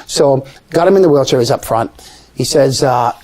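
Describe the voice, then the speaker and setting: A man tells a story in a relaxed interview, his voice sitting at a mid pitch. He is animated and brings the people in his tale to life by jumping up in pitch when he quotes them. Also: fast talker. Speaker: guest storyteller. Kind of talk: conversational storytelling.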